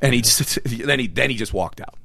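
A man's voice: mid-range voice, brisk, vocal fry, bright, forceful tone. A man in casual chat, blunt and profane, acting out both sides of old work exchanges.

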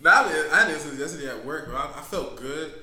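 A man chats in an animated, profane way, laughing often. His pitch swings widely and sits a touch high. The room echoes, with crowd noise behind him. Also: fast. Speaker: podcast co-host. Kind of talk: casual chat.

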